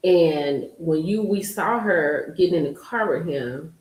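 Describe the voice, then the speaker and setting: A woman's voice: low-pitched, unhurried, a little mellow. A woman in her forties hosting a live stream, chatting casually and telling stories straight to her viewers. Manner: chatty storyteller addressing viewers directly. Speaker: livestream host. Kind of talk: casual gossip livestream chat. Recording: roomy echo.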